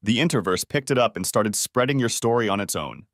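A man's voice: lowish voice, lively intonation, fairly quick, fairly bright tone, dry recording, clean studio sound. A man narrating an audiobook, voicing an upbeat, scheming young woman in a raised, coaxing voice. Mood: eager.

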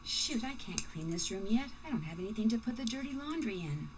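Woman doing a young girl detective from a video game, kinda high voice, matter-of-fact. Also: lively intonation, brisk, background noise, lightly acted. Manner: plain, matter-of-fact remarks to herself. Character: young female amateur detective, curious and polite.

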